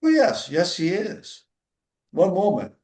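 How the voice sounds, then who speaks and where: A bubbly young receptionist chirps through her phone call, polite to a fault, as a man puts her on. The voice sits higher than his own and rings in a roomy echo. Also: huge pitch swings, takes it slowly, a little mellow, full character voice. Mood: sweetly evasive. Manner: bubbly, eager, overly polite. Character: cheerful young woman on a foundation phone line.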